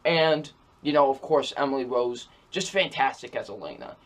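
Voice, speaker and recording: A man's voice: medium pitch, normal speed, fairly bright tone. Enthusiastic young man gushing about a game. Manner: enthusiastic, repetitive praise with many fillers. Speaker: video reviewer. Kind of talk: casual video game review.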